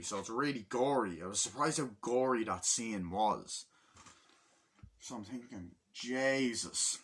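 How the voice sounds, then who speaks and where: A man's voice: mid-range voice, normal speed, breathy edge. A man giving a casual spoken film review, swearing freely and acting out scenes in sudden outbursts. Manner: profane and excitable, acts out scenes in bursts. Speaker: movie reviewer.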